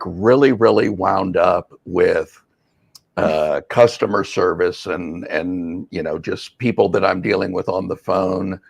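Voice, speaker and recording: A man's voice: sits low, vocal fry, no room sound. A man, a mindfulness coach and podcast co-host, telling a rambling story in casual chat. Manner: rambling storyteller, acts out quoted voices, laughs easily.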